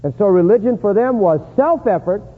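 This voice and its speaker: A man preaching a sermon in an emphatic style, rising high and loud to stress points. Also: animated, brisk, breathy edge. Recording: echoey hall on a tinny lo-fi line.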